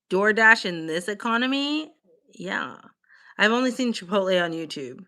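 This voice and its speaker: Bright, chatty young woman streamer. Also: mid-range voice, moderate pace. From United States. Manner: chatty and animated, full of "like" fillers. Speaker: livestream host. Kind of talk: casual livestream chat, reacting to viewer comments.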